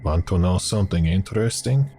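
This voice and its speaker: A man's voice: deep voice, lively intonation, a little fast, mellow, faint music behind, pitched above the performer's own voice. A man voicing a mysterious male stranger with a put-on Russian accent who speaks in a cryptic, unnerving way.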